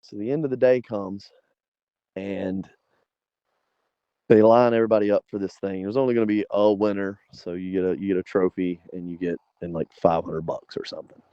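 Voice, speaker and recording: A South Carolina man in his forties, a guest on an interview, tells a story in a casual, animated way, laughing and acting out the people in it. His voice sits low and runs a little fast, clear with a resonant tone. The recording has no echo and a dry, slightly dull lo-fi sound.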